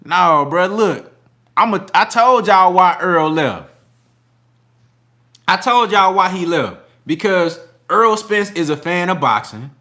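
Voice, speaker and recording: A man's voice: high-pitched, animated, slow, bright, forceful tone. A man hosting a casual boxing livestream, reading super chats with slangy, laughing banter.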